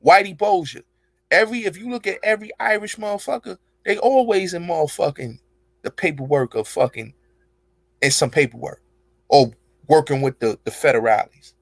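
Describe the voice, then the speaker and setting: A man's voice: a little high, moderate pace, vocal fry, dry recording. A man hosting an online show, delivering a rambling, emphatic monologue full of profanity and street slang. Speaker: show host. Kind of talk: casual monologue.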